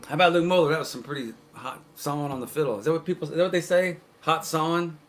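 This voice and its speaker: A man with a slightly high, quick voice hosts his own livestream show from indoors, chatting casually between songs. He comes across as a laid-back storyteller with dry jokes, picked up by the stream cameras.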